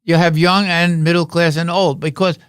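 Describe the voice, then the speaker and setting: A man's voice: fairly high pitch, little pitch movement, normal speed, clear, resonant tone, no echo, clean studio sound. An older man, a guest on a podcast, telling rambling anecdotes and jokes in a casual way. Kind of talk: casual storytelling. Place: podcast studio.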